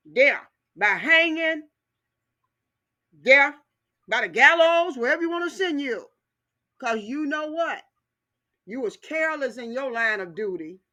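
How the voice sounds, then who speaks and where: A woman delivers an impassioned commentary rant in a high voice. She hammers her points home over and over with a fiery, preaching cadence, and her tone stays bright and sharp throughout. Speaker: video commentator.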